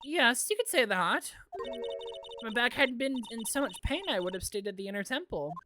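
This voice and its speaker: A woman's voice: fairly high pitch, expressive, normal speed, over music, close to an everyday voice. A woman voicing a cheerful elderly nun who heads a temple, in a chirpy sing-song manner while reading a game aloud. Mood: calm.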